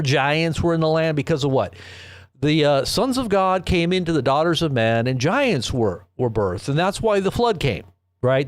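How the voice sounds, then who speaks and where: A man's voice: a little high, no echo. A man hosting a news commentary show, rambling and preachy, repeating himself and firing off rhetorical questions. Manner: preachy, quotes scripture.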